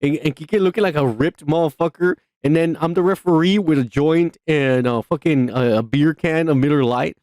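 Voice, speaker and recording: A man co-hosting a podcast, talking in loud, profane, excitable banter and teasing his co-host. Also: a little high, moderate pace, few pauses, no room sound, clean studio sound. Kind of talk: crude comedic banter.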